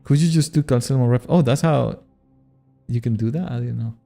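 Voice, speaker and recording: A man talks briskly in a creaky, mellow, medium-pitched voice while faint music plays behind him. He's a streamer and modpack creator, chatting casually with viewers during a live game, swearing often and laughing at his own expense.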